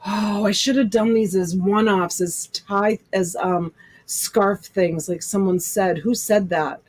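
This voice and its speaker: A woman hosts a live jewelry sale at an unhurried pace. She gushes over the items, laughs often and chats with her viewers. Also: mid-range voice, fairly even intonation, a little mellow. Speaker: host selling jewelry lots in a live stream. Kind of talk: casual live-sale chat.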